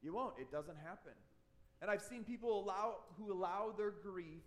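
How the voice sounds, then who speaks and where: A male pastor preaching in a high, bright-toned voice. He speaks earnestly and conversationally, often restarting phrases as he goes. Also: normal speed. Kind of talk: sermon.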